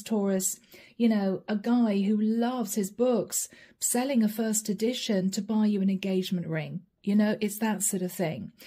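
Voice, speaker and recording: Soft-voiced woman giving an emotional tarot reading. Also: medium pitch, husky. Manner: emotional, intimate, storytelling with soft asides. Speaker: tarot reader. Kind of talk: casual spoken tarot reading.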